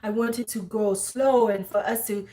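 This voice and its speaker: A woman voicing a soft-spoken, hesitant man from a dating show, slightly stammering. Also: a little high, steady tone, unhurried, natural voice. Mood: bewildered.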